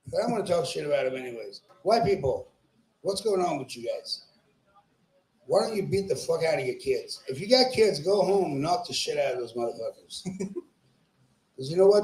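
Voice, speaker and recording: A man's voice: a little high, a little mellow. Profane man doing stand-up in a club. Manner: crude, profane, teasing the audience; laughs at his own jokes. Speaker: stand-up comedian at an open mic. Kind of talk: stand-up with crowd work. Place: small comedy club. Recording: echoey club room.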